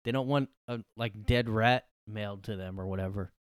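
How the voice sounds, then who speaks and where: A man's voice: lowish voice, normal speed, smooth, dry recording, studio quality. A young man hosting a solo podcast from his room, ranting with sarcasm and plenty of profanity. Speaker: podcast host.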